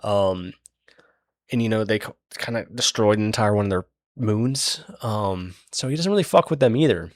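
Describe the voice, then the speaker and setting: A man's voice: lowish voice, lively intonation, moderate pace, dry recording, studio quality. A young man retelling a book's plot in a rambling, profane, casual way, full of fillers. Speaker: book recap host.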